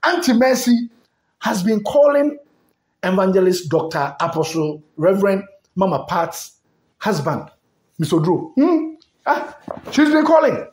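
A Ghanaian man hosting a gossip show, teasing and animated as he tells the story. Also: sits high, reverberant. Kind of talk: casual gossip commentary.

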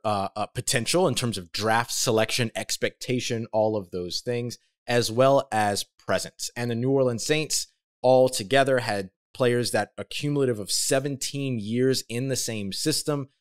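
Male sports podcast host, emphatic and animated, casual off-the-cuff delivery, average pitch. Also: normal speed. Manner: energetic and emphatic, with big swings in pitch and loudness; conversational, with fillers and self-corrections. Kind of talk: solo sports talk podcast.

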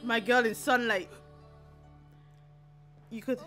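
A young woman reacting to anime, loud and exclamatory and laughing often. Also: on the high side, fairly even intonation, slow pace, soft background music.

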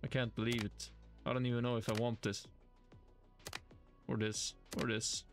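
Young man, Swedish accent, game streamer, middle pitch, self-mocking, thinking out loud, soft music underneath. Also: little pitch movement, moderate pace. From Sweden. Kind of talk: live gaming stream commentary.

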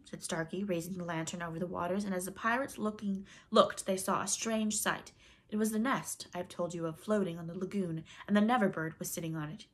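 A woman reading a classic storybook aloud as narrator, in an expressive, measured way. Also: on the low side, slightly rough. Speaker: audiobook reader.

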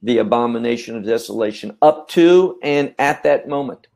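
A man teaching scripture in a measured, emphatic way, often repeating words as he thinks. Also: mid-range voice, animated, creaky, darkish tone. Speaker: Bible teacher. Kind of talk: teaching talk.

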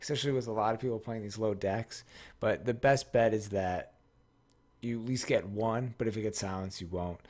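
A man's voice: on the low side, moderate pace. A man giving casual, rambling commentary while opening card packs, often correcting himself and swearing freely. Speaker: card game pack-opening streamer.

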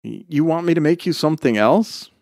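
A man voicing a caring father who speaks gently and with concern, reading a story. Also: on the high side, expressive, fairly quick, gravelly, no room sound, studio quality, pitched above the performer's own voice.

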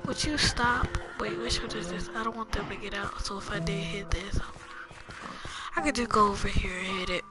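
With a steady, medium-pitched voice at a moderate pace, this young gaming host chats and rambles to "y'all" during play, frequently slipping into murmurs over background music.

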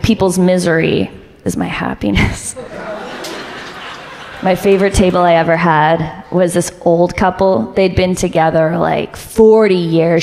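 A young woman performing a stand-up comedy set, delivering deadpan one-liners and jumping high in pitch when she acts out other people. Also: big-room sound. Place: comedy club stage.

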